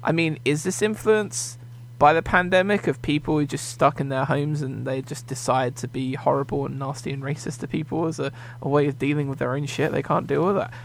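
A man's voice: fairly high pitch, fairly even intonation, brisk, vocal fry. A man co-hosting a podcast in casual chat. He sounds exasperated and often restarts with repeated words. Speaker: podcast co-host.

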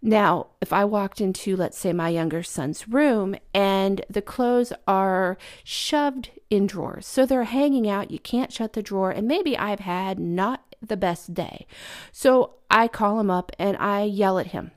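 A woman's voice: medium pitch, unhurried, darkish tone. A woman talking casually and earnestly as a parent, giving reflective advice about apologizing.

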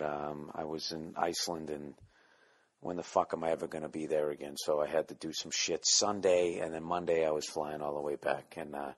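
Deep-voiced male comic host, solo podcast monologue, profane, self-deprecating, drops into goofy voices. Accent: Boston. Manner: profane, self-mocking, jumps into silly voices; keeping voice down, quiet and low at times. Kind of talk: rambling comedic monologue.

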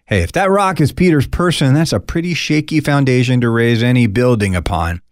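A pastor teaching through a Bible passage in a conversational, expressive way, acting out the quoted lines with folksy asides. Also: male voice, mid-range voice, a little fast, no room sound, studio quality.

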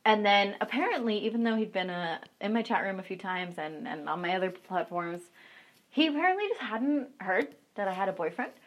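A woman's voice: mid-range voice, lively intonation, a little fast. Chatty young woman telling stories. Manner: chatty, frank, many fillers. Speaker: online content creator. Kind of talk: casual storytelling chat.

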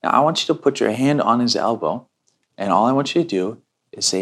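A man in ministry telling a story in casual talk, animated and full of restarts. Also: a little fast. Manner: animated, many restarts, acts out quotes in a higher voice.

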